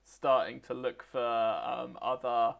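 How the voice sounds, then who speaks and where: Gravelly, hesitant game master man. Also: mid-range voice, steady tone, takes it slowly, narrow, tinny audio. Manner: hesitant, many fillers. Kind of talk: running a tabletop game.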